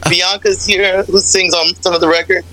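Bright-voiced chatty American woman. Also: lowish voice, little pitch movement, normal speed, rough recording. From United States. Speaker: guest singer. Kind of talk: casual radio interview chat.

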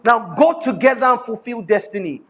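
A middle-aged Nigerian man with a Nigerian accent, preaching a sermon as pastor, animated and slipping into pidgin with frequent laughter. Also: extremely high pitch, normal speed.

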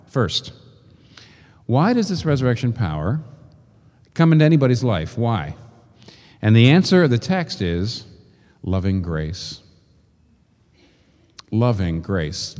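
Preaching man in a reverberant hall. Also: mid-range voice. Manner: expressive preaching with rhetorical questions and slow emphatic lists. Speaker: pastor. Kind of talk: sermon. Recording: long reverb of a large hall.

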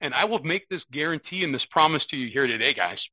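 A man's voice: a little high, animated, quick pace, no room sound. A man of fifty with an American accent, sharing earnestly at a recovery meeting and often asking "right?". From United States. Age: 50s. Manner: earnest, repeats words, rhetorical "right?". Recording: phone-like narrow sound.

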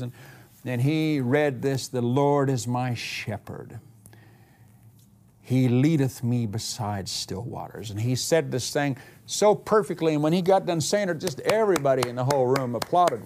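A male preacher delivering a sermon in an easygoing, conversational manner. His voice sits at an ordinary middle pitch. He often repeats himself and pauses to search for the right word. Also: darkish tone.

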